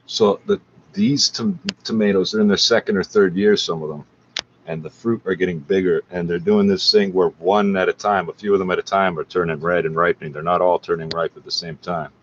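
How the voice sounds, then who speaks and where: Man, lowish voice, rambling casual talk, dull lo-fi sound with faint hiss. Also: steady tone, a little fast. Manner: rambling, conversational.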